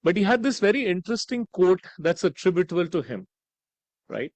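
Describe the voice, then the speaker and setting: A man's voice: sits high, expressive, brisk, darkish tone, no echo, low-quality recording. A man giving a conference keynote, conversational, with frequent "right?" tags and "uh" fillers. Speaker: conference speaker. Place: conference hall.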